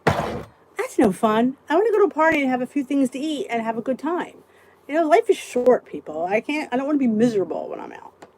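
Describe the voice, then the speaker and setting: A woman's voice: high voice, sing-song, a little fast, darkish tone, poor audio. A woman in her fifties hosting a casual live support chat, ranting and talking straight to her viewers, greeting them by name. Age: 50s.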